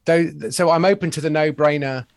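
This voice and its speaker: A man's voice: on the high side, moderate pace, no echo. A man in his forties, a comedy writer chatting as a podcast guest, wry and self-deprecating. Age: 40s. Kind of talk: casual chat.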